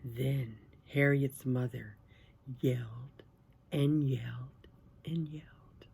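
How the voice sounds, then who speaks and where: Slow, husky children's storyteller. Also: medium pitch. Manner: animated, asks listeners questions, drops to whispers. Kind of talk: storybook read-aloud for children.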